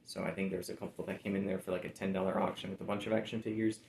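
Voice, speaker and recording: Gravelly, low-voiced man rambling casually. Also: level tone, racing, darkish tone, roomy sound, slight background noise, poor audio. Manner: rambling, laid-back, many fillers. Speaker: reseller showing sold items. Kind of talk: casual chat.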